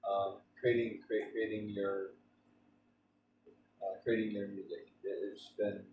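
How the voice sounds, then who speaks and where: A man's voice: fairly low pitch, little pitch movement, unhurried, a little mellow, echoey room, far from the mic, a little hiss or hum, rough recording. A man streaming a game, chatting in a rambling way with frequent restarts and stammers. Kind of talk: casual rambling chat during a game stream.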